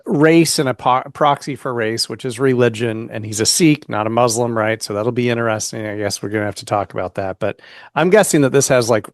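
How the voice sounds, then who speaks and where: A man's voice: mid-range voice, fairly quick, no echo, clean studio sound. A man co-hosting a podcast, chatting casually, asking questions and hedging his points. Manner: questioning, hedging, many "like" fillers. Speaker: podcast co-host.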